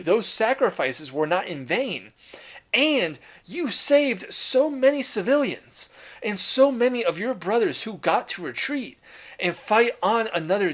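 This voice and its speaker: A man voicing a proud, loving male demigod commander who speaks to his son in a warm, reassuring way. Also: sits high, voice pushed up, heavily acted.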